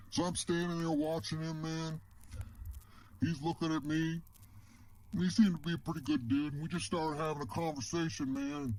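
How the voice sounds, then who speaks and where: A man's voice: a little high, creaky, mellow, low-quality recording. A man telling a story casually in the first person, rambling and ending many phrases with "man".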